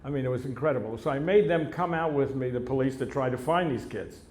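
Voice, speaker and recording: A man answers as the guest of an onstage conversation at a live event. He tells his stories bluntly, with rough language. His medium-pitched voice rings in an echoey room. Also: fast, a little mellow, slight background noise. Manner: blunt, profane storytelling. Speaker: interview guest. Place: live event before an audience.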